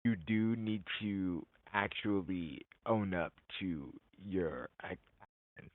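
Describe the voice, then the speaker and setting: A player speaking in character in a deadpan, formal way. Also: low-pitched, slow, no echo, narrow, tinny audio. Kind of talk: in-character role-play.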